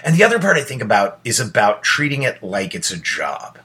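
A man in his forties hosts a podcast in a blunt, loose way, swearing freely. His voice sits on the low side, with a bright, forceful edge and a slightly husky grain. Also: wildly swooping pitch, a little fast. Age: 40s. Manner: blunt, profane, conversational. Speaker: podcast host. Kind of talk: casual monologue.

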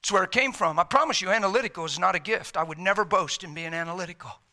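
A man preaching a sermon with passion, swinging between shouts and hushed, quiet lines. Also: high-pitched, quick pace.

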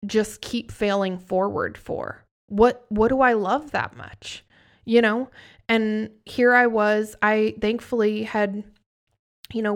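A woman's voice: medium pitch, clean tone. Earnest woman telling her story. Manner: earnest, heartfelt, often restarting sentences. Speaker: podcast guest. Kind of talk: candid conversational storytelling.

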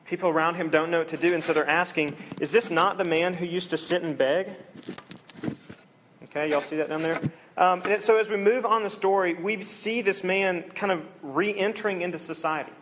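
A man's voice: high-pitched, moderate pace, fairly bright tone, slight background noise. A man preaching a conversational, earnest sermon to a congregation, briefly acting out the people in the story.

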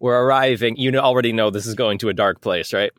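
A man's voice: medium pitch, quick pace, over a noisy crowd. A man co-hosting a casual comedy podcast who jokes, laughs often and rambles. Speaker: podcast co-host.

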